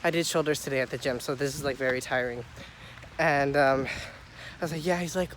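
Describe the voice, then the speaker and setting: A man's voice: mid-range voice, brisk. Young guy w a cold, out of breath, rambly n swears a lot, phone vlog outside, light street noise. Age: young adult. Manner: excitable, rambling and profane. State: sick with a stuffy nose. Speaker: vlogger. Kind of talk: casual walking vlog. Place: outdoors on a city street. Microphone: phone held at arm's length. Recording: faint outdoor traffic noise. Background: faint street and traffic sounds.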